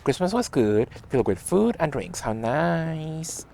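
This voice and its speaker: A man streams a video game, speaking at a measured pace in a fairly high, creaky, warm voice that is very animated. He chats casually, reading his viewers' messages aloud and answering them as he plays.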